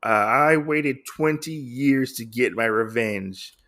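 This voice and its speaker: A man voicing a dying, vengeful noblewoman, speaking slowly and gravely in his own voice. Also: medium pitch, pushed and bright. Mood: grim. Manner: slow and grave.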